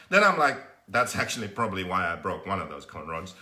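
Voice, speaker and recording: A young man hosting a live workshop stream, telling a story with lots of swearing and loudly acting out his frustration. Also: mid-range voice, very animated, fast talker, hardly any pauses. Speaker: host of a live workshop show.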